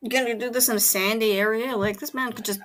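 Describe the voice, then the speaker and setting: A woman giving casual reaction commentary, excitable and rambling, full of fillers and exclamations. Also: fairly high pitch, fast talker. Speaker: reaction video host.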